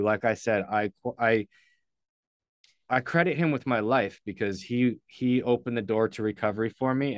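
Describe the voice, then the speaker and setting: A man's voice: fairly low pitch, clear, resonant tone, no echo, studio quality. A man, a podcast guest, telling a story candidly and earnestly, loosely and with casual swearing.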